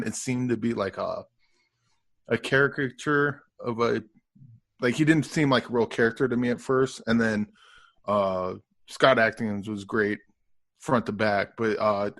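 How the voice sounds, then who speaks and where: A man's voice: mid-range voice, measured pace, fairly bright tone. A man co-hosting in casual chat, hesitant with many fillers and restarts. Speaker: co-host reviewer.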